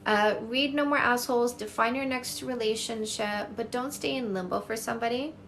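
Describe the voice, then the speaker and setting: A woman's voice: a little high, fairly bright tone, a little hiss or hum. A middle-aged Canadian woman, a dating coach hosting a live stream on her phone, chatting casually and gushing over viewer comments. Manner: effusive, gushing, quick and chatty.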